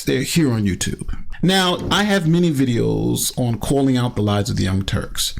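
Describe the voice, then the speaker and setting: A man's voice: mid-range voice, vocal fry, a little hiss or hum. A man delivering scripted video commentary in an emphatic, sarcastic way. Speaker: commentary youtuber.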